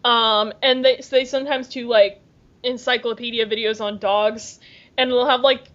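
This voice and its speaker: A woman's voice: fairly high pitch, fairly even intonation, moderate pace, fairly bright tone. A young woman co-hosting a podcast in casual chat, rambling and giggling through stories. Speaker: podcast co-host. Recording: lo-fi muffled podcast audio.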